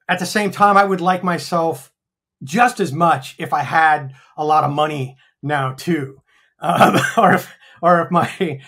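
A man's voice: on the high side, fairly bright tone. An American man of fifty, talking frankly in a casual interview, rambling with many ums and swearing freely. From United States. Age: 50s. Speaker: actor guest.

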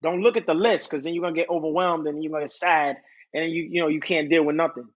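A man's voice: a little high, steady tone, fast talker, muffled recording. A man guest on a podcast, candidly telling a personal story in an earnest, rambling way. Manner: earnest, rambling, reciting his own lyrics. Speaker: podcast guest, singer-songwriter.

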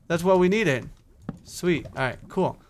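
Playing Minecraft, this young YouTuber keeps up a chatty running commentary to himself, swearing and humming along the way. He speaks slowly in a high voice with lively intonation.

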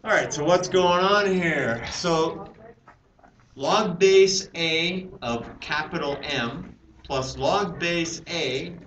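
A man's voice: a little high, extremely slow, a bit bright. A male math teacher lecturing a class, explaining step by step and questioning the students. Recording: roomy, distant classroom mic with hiss.

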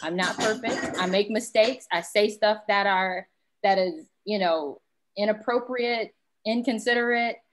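A woman's voice: mid-range voice, a little slow, slight background noise. Woman panelist, candid storyteller, quotes people as she goes; round table discussion.

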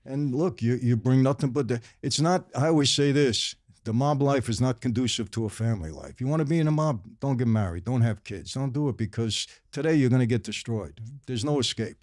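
A man's voice: mid-range voice, expressive, a little fast, hardly any pauses, darkish tone, no echo. Emphatic older New York man, dry sound. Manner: earnest, emphatic, repeats for stress. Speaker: guest. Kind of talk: casual interview chat.

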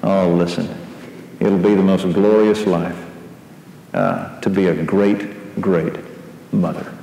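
Middle-aged preacher, animated storyteller, live hall recording with faint hiss. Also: male voice, deep voice, slow pace, gravelly. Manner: animated storytelling, rising to shouts in quoted lines. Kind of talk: sermon. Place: large hall before a live audience.

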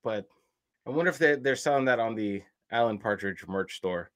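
A man's voice: fairly low pitch, expressive, moderate pace, a bit bright, no echo, clean studio sound. Emphatic American man reacting casually. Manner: emphatic, opinionated. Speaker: reaction channel co-host.

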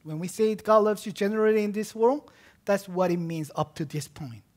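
A man preaching a sermon as pastor, repeating key words for emphasis and swinging between loud emphatic cries and hushed near-whispers. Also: sits high, moderate pace.

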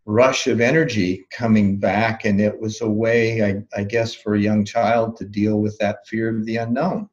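Man, deep voice, calm and thoughtful, muffled lo-fi online audio. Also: moderate pace, hardly any pauses. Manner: calm, thoughtful, with soft laughs and restarts. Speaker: life coach guest. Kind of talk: reflective interview storytelling.

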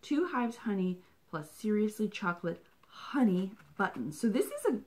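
A woman reviewing a subscription box in a chatty, excitable unboxing vlog, dropping into whispers and gasps. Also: on the low side.

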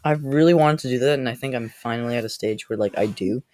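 A man's voice: medium pitch, fast, darkish tone, dry recording, clean studio sound. Young man chatting, voice wearing out. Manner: easygoing, chatty. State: losing his voice. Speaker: podcast co-host. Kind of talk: casual chat.

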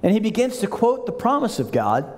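Male pastor, pitched high, chatty storytelling sermon in a reverberant sanctuary. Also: huge pitch swings, a little fast. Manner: conversational storytelling, acting out scripture quotes. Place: large church sanctuary. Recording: long church hall reverb.

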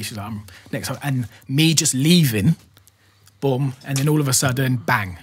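A man's voice: mid-range voice, fairly quick, breathy edge. A man with a London accent, a podcast guest telling a story in casual, slang-filled chat and laughing often. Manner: animated, laughing, slang-heavy, says "bro" often.

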